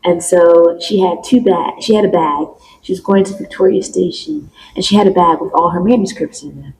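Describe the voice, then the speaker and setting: Woman podcast co-host, casual chat, lively storytelling, faint hiss behind. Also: moderate pace, rough recording. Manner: animated retelling, acting out quotes in a higher voice. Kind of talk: casual chat recapping a play.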